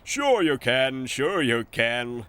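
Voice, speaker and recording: A man's voice: mid-range voice, very animated, slow pace, fairly bright tone. A man voicing a proud, boastful male digger machine in a pompous, self-important manner for a storybook cartoon. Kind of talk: storybook character voice.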